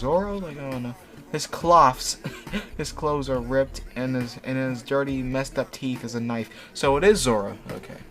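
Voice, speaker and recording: Young male host, sarcastic mock-reading, quiet music underneath. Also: mid-range voice. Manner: sarcastic, swearing, laughing often. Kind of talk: mocking read-aloud commentary.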